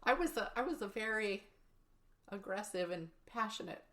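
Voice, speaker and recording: A woman's voice: medium pitch, animated, normal speed, a bit bright. A woman co-hosting a true-crime podcast who chats casually, laughs often and swears. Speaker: podcast co-host.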